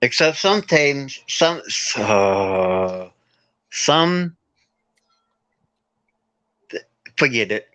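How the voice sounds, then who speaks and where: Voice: medium pitch, sing-song, extremely slow, pauses often, a bit bright, no echo, low-quality recording. A caller in a casual late-night chat who halts and trails off mid-sentence.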